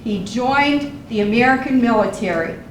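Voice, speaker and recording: A woman's voice: on the high side, animated, moderate pace, a little hiss or hum. A woman giving an earnest, formal introduction of a guest speaker at an event. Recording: very echoey hall, far from the mic.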